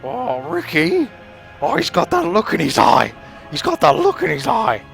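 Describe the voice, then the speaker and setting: An English man doing an impression of an excitable, fretful grown man from a comedy show, in a high, squealing, worried voice. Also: normal speed, creaky, music in the background, exaggerated voice. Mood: alarmed.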